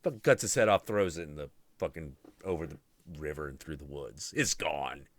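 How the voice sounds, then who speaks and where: A man hosting a show, retelling a myth with crude, animated comedy. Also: a bass voice, moderate pace, dry recording. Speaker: host.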